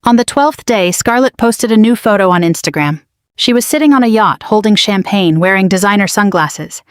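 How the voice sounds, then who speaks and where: A woman's voice: mid-range voice, lively intonation, normal speed, no echo. Woman narrating a story, dry close sound.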